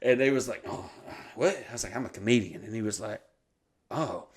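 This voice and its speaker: On a podcast, a man tells a comic story, swearing freely and acting out the voices of the people involved in an animated way. His voice is fairly low with a breathy edge, and he speaks fairly quickly.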